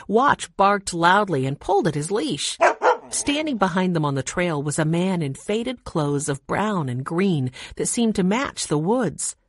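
A woman narrating a children's chapter book in a calm, steady reading voice. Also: fairly low pitch, dry recording, studio quality. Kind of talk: audiobook narration.

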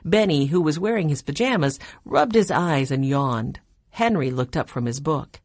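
Lady reading a kids story, low husky voice, lively, dry close sound. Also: moderate pace, no echo. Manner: expressive. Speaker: narrator. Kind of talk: storybook narration.

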